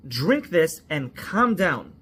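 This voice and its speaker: A man's voice: a little high, very animated, takes it slowly, pushed and bright, husky, exaggerated voice. A man doing a stern, bossy police commander. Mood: commanding. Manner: blunt, commanding.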